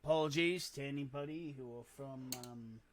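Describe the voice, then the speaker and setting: A man's voice: medium pitch, a little hiss or hum. A man giving casual gameplay commentary, muttering to himself and poking fun at himself. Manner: slow, muttering to himself, self-deprecating. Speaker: gamer.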